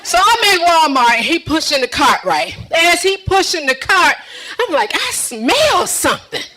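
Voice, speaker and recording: Sassy high-voiced woman doing stand-up. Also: very animated, sharp tone, low-quality recording. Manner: sassy, teasing the crowd, drawn-out punchlines. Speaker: stand-up comedian. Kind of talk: stand-up routine.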